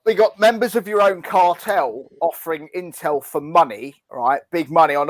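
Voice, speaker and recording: A man's voice: a little high, normal speed, few pauses, no room sound. A man on a podcast, bantering and laughing, swearing casually. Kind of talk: casual chat.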